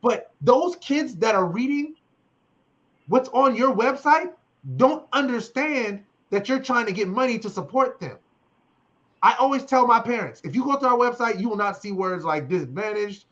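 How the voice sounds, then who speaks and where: A high-voiced man hosts a casual video call panel. He talks with preachy passion, repeating lines for emphasis, over dull lo-fi call audio. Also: lively intonation, moderate pace, a bit bright. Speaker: host.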